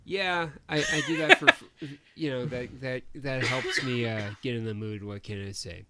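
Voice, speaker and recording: A man's voice: mid-range voice, big pitch swings, normal speed, a loud crowd. Joking man telling a story. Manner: jokey, tells stories with acted-out quotes. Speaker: podcast co-host. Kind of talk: casual chat.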